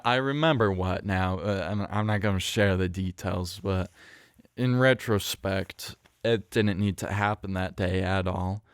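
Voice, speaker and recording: A young man with a low, clean voice hosts a podcast, close to a studio mic with studio-quality sound and no room noise. Chatting casually, he rambles through a story with lots of fillers, restarts, and self-corrections.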